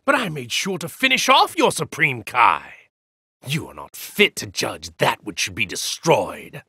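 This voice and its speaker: An actor playing a haughty, contemptuous evil god in a hero's body, delivering slow, grandiose game voice lines. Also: male voice, mid-range voice, wildly swooping pitch, creaky, pushed and bright, breathy edge, no echo, studio quality, exaggerated voice. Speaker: video game character.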